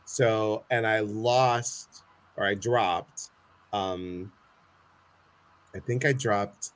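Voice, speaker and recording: A man's voice: on the low side, fairly even intonation, very slow. An American man hosting a casual live chat, playful and talkative, reading viewer comments aloud to his guest. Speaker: host.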